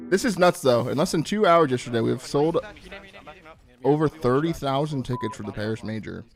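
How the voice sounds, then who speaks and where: Hyped man chatting on a live stream. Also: medium pitch. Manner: profane, hyped, talks to chat. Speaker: streamer hosting a watch party. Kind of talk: casual live-stream chat.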